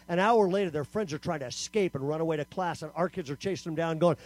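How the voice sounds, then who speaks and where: A man delivers a lively youth camp sermon in a high-pitched voice. He tells stories in a punchy way and acts out the quotes. The sound is dry and close, with no room echo. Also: fast talker, few pauses. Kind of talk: animated sermon to teenagers.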